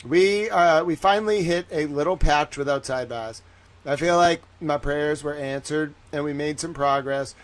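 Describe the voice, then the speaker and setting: A man giving casual livestream commentary on a trial. He is excitable, rambling and jokey, and swears often. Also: fairly high pitch, moderate pace.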